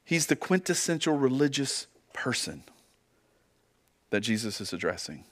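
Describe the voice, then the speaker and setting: A man's voice: medium pitch, sing-song, normal speed. A man preaching a sermon as pastor, earnest, asking his listeners rhetorical questions and often repeating words as he goes.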